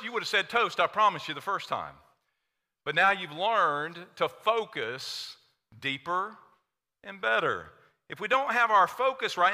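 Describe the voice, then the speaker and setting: A man with an Oklahoma accent preaching a sermon to a church congregation, energetic and playful, quizzing the crowd. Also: sits high. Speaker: pastor. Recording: long hall reverb.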